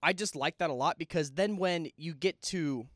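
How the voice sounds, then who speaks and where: A man's voice: on the high side, normal speed, a bit bright, dry recording, studio quality. A young man co-hosting a podcast, chatting casually about a film and rambling through restarts mid-thought. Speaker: podcast co-host.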